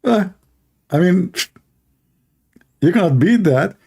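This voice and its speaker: A man hosting a call-in livestream, talking casually, mocking and laughing at callers and repeating words in quick bursts. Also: high-pitched, expressive, gravelly, mellow, slightly rough. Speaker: livestream host taking calls.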